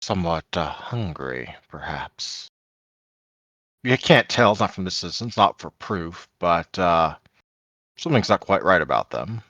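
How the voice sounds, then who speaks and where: GM, male, low voice, dry close sound, searches for words with fillers. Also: animated, measured pace, pushed and bright, no room sound, muffled recording. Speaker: game master. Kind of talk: narrating a tabletop game.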